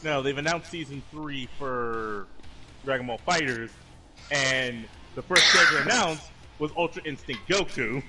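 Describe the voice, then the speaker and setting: A man's voice: mid-range voice, unhurried. A man chatting matter-of-factly with friends during a game stream. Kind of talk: casual gaming chat with friends. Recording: noisy mic with clicks.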